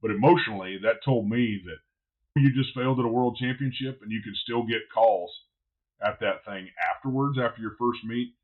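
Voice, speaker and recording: A man who is a barbecue pitmaster, guesting on a podcast and telling stories in a blunt, animated way, swearing freely. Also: medium pitch, normal speed, narrow, tinny audio. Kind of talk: casual podcast storytelling.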